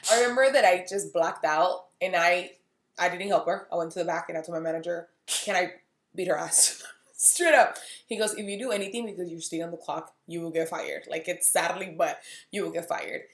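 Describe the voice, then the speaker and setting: A woman's voice: fairly low pitch, brisk. Thirty-something woman vlogging, talks straight to camera, voices everyone in her story, roomy echo. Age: 30s. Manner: candid storytelling, acting out dialogue. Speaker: beauty vlogger. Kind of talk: casual vlog monologue.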